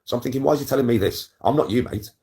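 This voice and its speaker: Fast-talking boastful man in his 40s. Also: mid-range voice, creaky, mellow. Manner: boastful, swears a lot, keeps checking in with viewers. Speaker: content creator. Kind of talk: casual storytelling to camera.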